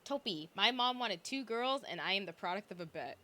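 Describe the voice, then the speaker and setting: A young woman streamer in casual chat, rambling with lots of fillers and a slight vocal fry. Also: medium pitch, expressive, brisk, bright, forceful tone. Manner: chatty, rambling with fillers and self-interruptions.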